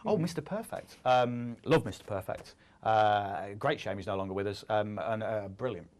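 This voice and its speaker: A man's voice: lowish voice, moderate pace, slight background noise. A man in his thirties hosting a casual studio chat, joking and rambling, often laughing at his own lines. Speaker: host.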